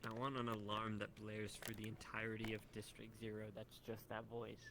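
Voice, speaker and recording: A man's voice: on the low side, monotone, a little fast, noisy background. A man in a casual roleplay chat, talking eagerly and playfully.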